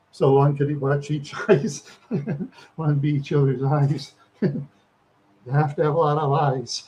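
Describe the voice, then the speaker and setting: A man's voice: fairly high pitch, takes it slowly, long pauses, warm tone, slight background noise. Brief: man from Minnesota, rambling live-stream host, frequent chuckles, slightly lo-fi recording. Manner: chuckles often, repeats words, rambling.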